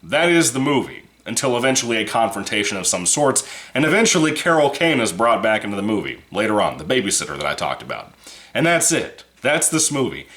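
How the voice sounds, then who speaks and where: A man's voice: on the low side, fairly bright tone. A man giving a casual, rambling movie review, swearing freely and laughing between points. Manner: rambling, profane, laughs often.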